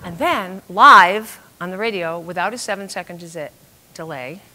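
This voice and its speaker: An older woman tells a comic story from her own life to a live audience. Her voice is bright and forward, and she is lively and self-mocking. She acts out the other people's voices as she goes. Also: on the low side, normal speed. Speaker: storyteller on stage.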